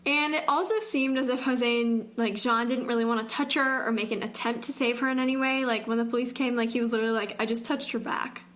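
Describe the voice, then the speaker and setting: A woman's voice: on the high side, steady tone, fast talker, hardly any pauses, fairly bright tone. A young woman co-hosting a podcast, chatting casually about a true-crime case and filling her speech with "like". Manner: rambling, fills speech with "like". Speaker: podcast co-host.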